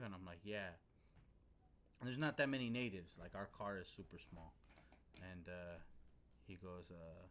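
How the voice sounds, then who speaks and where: A man with a lowish, bright voice tells his story in a loose, unhurried way. He talks casually, piles on fillers and curses now and then. A faint rumble sits under the recording. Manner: laid-back, heavy on fillers like "you know what I mean", swears casually. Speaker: podcast host. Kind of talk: casual storytelling in a men's talk circle.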